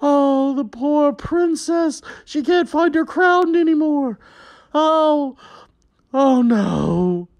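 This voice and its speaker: A man's voice: very high voice, extremely slow, creaky. A man performing a children's story, telling it in an exaggerated, melodramatic way with gasps and mock horror and talking straight to young viewers. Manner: animated, jokey, talks straight to young viewers. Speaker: balloon artist and children's performer.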